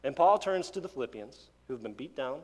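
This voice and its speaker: A man's voice: mid-range voice, expressive, brisk. Preaching man in a reverberant hall. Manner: conversational preaching, emphatic, with asides and restarts. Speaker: pastor. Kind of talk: sermon.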